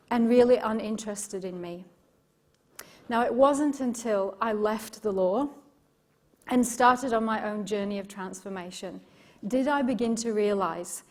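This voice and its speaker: A middle-aged woman from Yorkshire with an English accent, giving a live motivational keynote as a coach, telling stories with emphatic repetition and questions to the audience. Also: medium pitch. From Yorkshire, England. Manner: expressive storytelling, emphatic repetition, engages audience.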